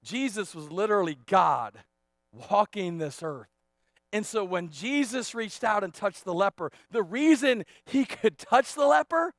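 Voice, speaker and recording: A man in his thirties preaching a sermon as pastor, animated and repetitive, joking with the congregation. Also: high voice, unhurried, no room sound, clean studio sound. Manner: animated, repeats words, jokes with congregation.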